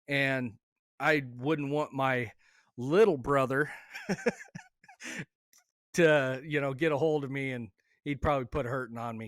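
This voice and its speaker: Halting, emotional man telling a story. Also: medium pitch, a bit bright, no echo, studio quality. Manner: emotional, halting with fillers and restarts. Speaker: hunter telling his story. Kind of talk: casual storytelling.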